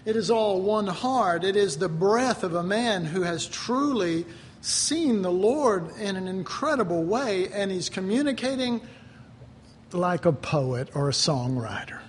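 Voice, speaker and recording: A man's voice: high voice, lively intonation, a little slow. A man preaching a sermon in a rambling, conversational way, full of fillers and asides. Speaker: pastor. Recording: long reverb with faint ambient noise.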